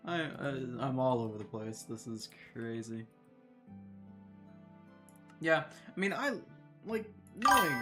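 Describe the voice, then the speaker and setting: A man chats with his stream audience while he plays, rambling and poking fun at himself between laughs. His voice sits at an ordinary middle pitch, and soft music runs faintly underneath. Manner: rambling, self-deprecating, laughs often. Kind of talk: casual chat while gaming.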